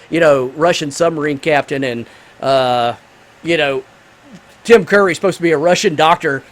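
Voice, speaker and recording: A man hosting a gaming channel, giving rambling, enthusiastic let's-play commentary full of fillers while he reviews a film. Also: sits high.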